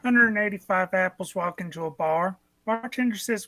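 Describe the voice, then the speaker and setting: A woman performing in an online improv show, delivering quick joke punchlines playfully over a video call. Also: mid-range voice, fairly bright tone, no room sound.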